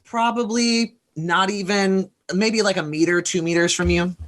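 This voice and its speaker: A woman's voice: medium pitch, moderate pace. A woman running a tabletop role-playing game as game master, narrating scenes in a rambling way with many restarts and fillers.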